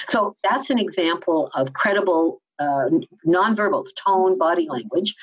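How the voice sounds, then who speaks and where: A woman's voice: fairly low pitch, breathy edge. A woman from Canada explaining communication ideas in an interview, enthusiastic and teacherly in manner. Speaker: communication trainer. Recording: slightly dull lo-fi sound.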